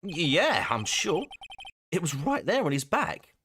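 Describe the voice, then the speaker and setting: A man's voice: a little high, huge pitch swings, a little slow, bright, forceful tone, slight background noise, voice pushed up, full character voice. A man reading aloud a nervous, stammering young man on the witness stand in a game. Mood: evasive. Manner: stammering, hesitant.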